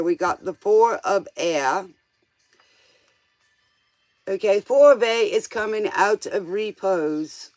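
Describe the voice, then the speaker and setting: A man's voice: sits high, dry recording. A man doing a casual tarot reading, chatty and playful, with joking asides. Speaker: tarot reader.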